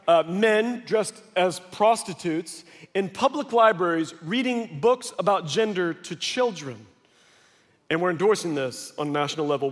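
Animated high-voiced male preacher, hall reverb. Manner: animated storytelling with acted quotes. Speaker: pastor. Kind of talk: sermon. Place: large church hall.

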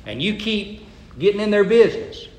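A man preaching a folksy sermon, stammering into restarts and loudly acting out the people in the story. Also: sits high, lively intonation, normal speed, echoey room, a little hiss or hum. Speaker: pastor.

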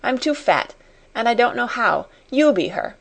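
A woman voicing an excitable, shy plump schoolgirl with high, gushing exclamations. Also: normal speed, vocal fry, heavily acted. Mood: eager.

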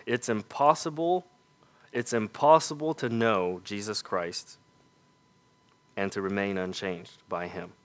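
Slow, low-voiced male preacher. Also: fairly even intonation. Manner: earnest, rhetorical questions, drops to soft emphatic lows. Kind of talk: sermon.

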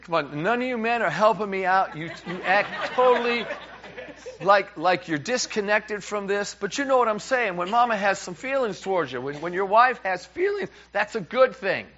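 Middle-aged New preacher, man; lively storyteller who acts out both sides of a conversation, slightly dull recording. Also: high voice, moderate pace, some chatter behind. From New York. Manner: animated, repeats words, acts out dialogue. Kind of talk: humorous sermon storytelling. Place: church.

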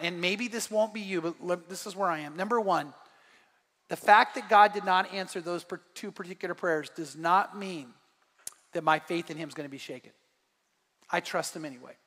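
A middle-aged pastor preaches with a high, bright voice, earnest and swelling into fervent emphasis. His words ring through a church hall with a long echo. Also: fairly quick. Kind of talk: sermon. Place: church sanctuary.

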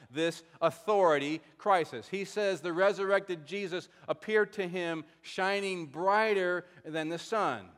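A man preaching a sermon, his voice sitting somewhat high for a man. He reads scripture and stops to ask pointed questions. A long reverb hangs behind him from the large hall. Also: fairly bright tone. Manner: questioning, explains scripture aloud. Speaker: pastor.

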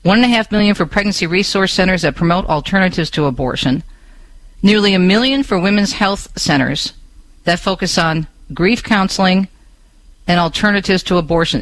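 Impassioned talk radio host, higher voice. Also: male voice, normal speed, fairly bright tone, dry recording, low-quality recording. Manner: impassioned, with rhetorical questions; chatty asides to listeners. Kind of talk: radio talk show with news reading. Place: radio studio.

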